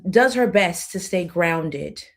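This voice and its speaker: A woman guest in a casual podcast conversation, animated and laughing often as she acts out quotes. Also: fairly low pitch, slow.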